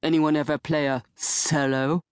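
A woman voicing a formal, weary older widower in an audiobook, speaking in a measured, clipped way. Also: low voice, little pitch movement, clean tone, no echo, studio quality. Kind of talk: audiobook character voice. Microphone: close studio mic.

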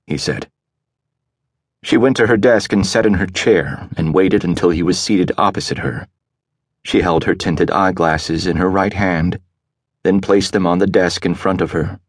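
A man narrating an audiobook in a steady, even reading. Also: sits low, measured pace, slightly rough, no room sound, studio quality. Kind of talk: scripted narration.

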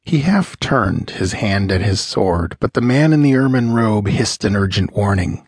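Low, husky male audiobook narrator. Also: lively intonation, darkish tone, no room sound, studio quality. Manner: measured, dramatic storytelling. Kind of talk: dramatic pulp fiction narration.

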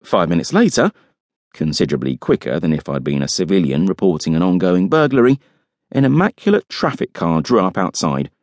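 Man, audiobook narrator, wry first-person reading, low voice, lively intonation, dry close sound. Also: fairly quick, dry recording.

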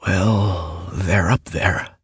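A male narrator voicing a worn, grimy old man with a sandpapery, raspy drawl and very slow, dragged-out words. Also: deep voice, fairly even intonation, dry recording, clean studio sound, full character voice. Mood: hoarse, grim.

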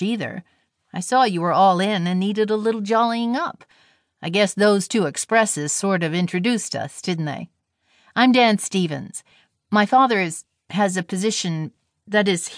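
A woman's voice: medium pitch, no echo, clean studio sound, natural voice. A woman reading the part of a kindly young male railroad engineer, cheerful and slangy.

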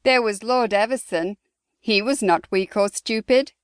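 A woman's voice: mid-range voice, a little slow, smooth, no echo, clean studio sound, close to an everyday voice. A woman voicing an outspoken young sister in an audiobook, blunt in manner. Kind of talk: audiobook character voice.

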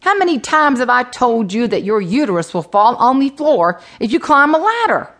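A woman's voice: on the high side, very animated, normal speed, a bit bright, pitched above the performer's own voice. A woman playing a fretting Southern mama. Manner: fretting, emphatic. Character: fussy worried Southern mother.

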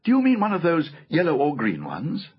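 A man voicing an eager, curious girl in a storybook reading, bright and wondering. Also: on the high side, wildly swooping pitch, fairly quick, breathy edge, voice pushed up, full character voice. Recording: muffled audiobook recording, faint music.

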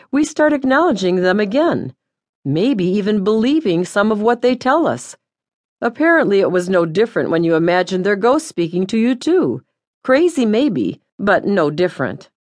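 A woman's voice: mid-range voice, no echo. A woman narrating an audiobook in first person, wry and lightly comic, close to the mic.

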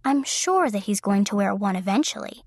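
A woman's voice: mid-range voice, animated, normal speed, no echo. Woman narrator doing a wry young grad, slightly lifted voice, dry close sound, polite with a dry joke. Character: wry young woman, new college graduate.

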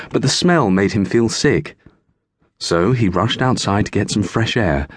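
A man narrating a children's audiobook with animated storytelling. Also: on the low side, no room sound.

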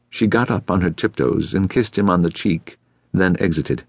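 A man narrating an audiobook in a steady, even way, recorded close in a studio. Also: deep voice, moderate pace, gravelly, breathy edge, dry recording. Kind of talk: scripted narration.

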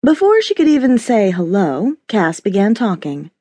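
Expressive woman audiobook narrator. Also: medium pitch, moderate pace, slightly rough, dry recording. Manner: expressive storytelling. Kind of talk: scripted narration.

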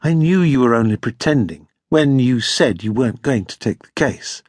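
Guy doing a snippy jealous young woman, husky and lively, storybook reading. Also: mid-range voice, normal speed, dry recording, close to an everyday voice. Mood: knowing. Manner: tart and accusing. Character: sharp jealous young woman, quick-tongued.

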